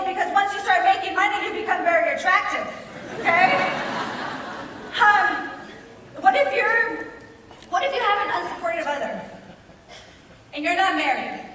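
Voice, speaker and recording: A woman's voice: sits high, a bit bright, a little hiss or hum. A woman giving an emphatic, conversational motivational speech to an audience in a large hall, repeating key phrases. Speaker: motivational speaker at a business conference. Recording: echoey hall, voice from far off.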